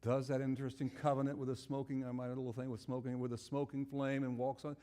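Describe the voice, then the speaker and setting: A man's voice: mid-range voice, flat delivery, fast, warm tone, in a large hall. A man preaching a sermon, telling a Bible story and asking his listeners questions. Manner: storytelling, acts out biblical characters' voices; asks the audience questions.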